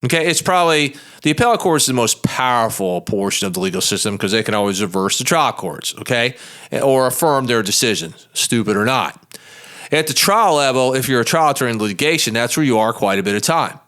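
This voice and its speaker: A man's voice: medium pitch, animated, brisk, fairly bright tone. A man, a lawyer hosting his own show, telling a story in a blunt, folksy, emphatic way in a monologue podcast. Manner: plain-spoken and blunt.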